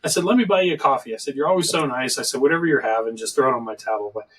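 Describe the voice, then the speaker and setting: A man's voice: mid-range voice, rapid-fire, fairly bright tone, breathy edge, recorded from a distance, low-quality recording. A middle-aged man hosting a casual online talk show, rambling and joking as he tells stories. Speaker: show host. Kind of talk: casual podcast chat. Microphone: video call.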